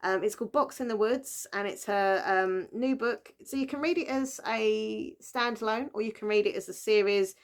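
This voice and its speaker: A woman's voice: medium pitch, moderate pace, few pauses. A British woman chatting casually about books she has read, rambling with lots of fillers and laughing often. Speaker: book vlogger. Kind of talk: casual chat.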